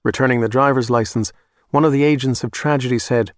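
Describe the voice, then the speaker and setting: Measured man narrating a thriller audiobook. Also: medium pitch, no room sound, clean studio sound. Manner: measured, even storytelling.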